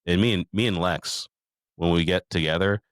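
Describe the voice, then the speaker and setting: Middle-aged male podcast host, deep voice, dry close mic, profane rambling storyteller. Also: moderate pace, smooth, no room sound. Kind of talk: casual recap chat.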